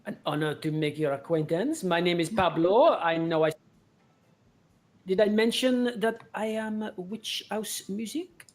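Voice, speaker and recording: A woman's voice: mid-range voice, measured pace, a little mellow, lightly acted. A woman doing a pompous young barista man. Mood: grand. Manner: grandly formal, theatrical politeness. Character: young male barista, pompous aspiring musician.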